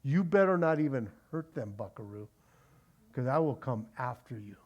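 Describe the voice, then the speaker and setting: A man preaching voices God giving a firm warning, dropping into a lower, quieter, threatening tone. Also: animated, moderate pace, highs cut off, lightly acted. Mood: stern. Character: stern divine voice warning a man off.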